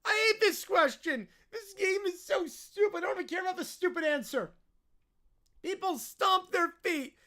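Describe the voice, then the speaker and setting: A man voicing an entitled little boy throwing a whining, yelling tantrum. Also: very high-pitched, moderate pace, voice pushed up.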